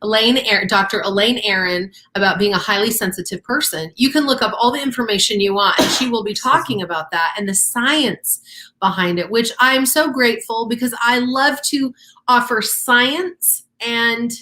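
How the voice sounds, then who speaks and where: A woman's voice: on the high side, moderate pace, bright, forceful tone. A woman co-hosting a casual talk show, explaining ideas step by step in an earnest, encouraging way. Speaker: co-host. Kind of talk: casual teaching chat.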